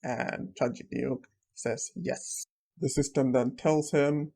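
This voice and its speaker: Male recap narrator, casual storytelling, unhurried, slow pace, husky tone. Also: mid-range voice, steady tone, warm tone. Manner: plain, unhurried retelling.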